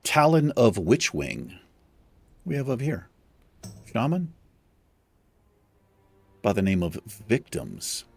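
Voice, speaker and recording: A man's voice: medium pitch, huge pitch swings, slow, creaky, long pauses, slightly rough. A young man casually commenting on his game and rambling through a story, swearing freely as he talks. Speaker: gaming streamer.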